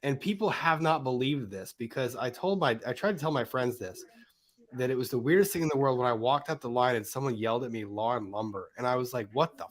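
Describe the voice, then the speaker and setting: A man hosting a casual live stream with other lawyers, relaxed and joking, swearing now and then. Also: mid-range voice, fast.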